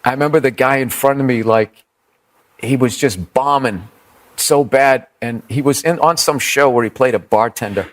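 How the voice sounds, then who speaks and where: A man's voice: mid-range voice, normal speed. A man, a stand-up comedian, telling stories in a casual, rambling, profane way. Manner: profane, rambling storyteller with quoted voices. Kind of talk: casual storytelling on a podcast.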